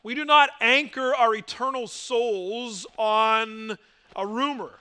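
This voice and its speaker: A man's voice: very high voice, takes it slowly, pushed and bright, smooth. A male pastor preaching a sermon, emphatic, asking rhetorical questions and mimicking doubters.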